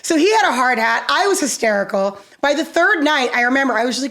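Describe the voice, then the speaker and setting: A woman with a fairly high voice tells stories in a casual interview, animated and quick to laugh. She acts out other people's lines with sudden leaps in pitch. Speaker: musician guest.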